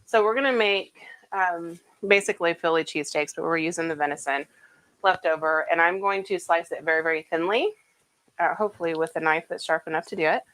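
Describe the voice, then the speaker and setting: A woman's voice: fairly low pitch, a little fast, fairly bright tone, low-quality recording. A woman hosting a casual home cooking stream, chatty and rambling with plenty of fillers. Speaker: home cooking show host. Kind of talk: casual cooking livestream chat. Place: home kitchen.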